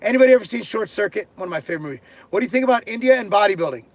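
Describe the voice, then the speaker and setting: A man's voice: high-pitched, animated, racing, dry recording. A middle-aged man hosting a live stream, reading out viewer questions and answering them bluntly, joking crudely and swearing freely. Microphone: headphones and desk mic.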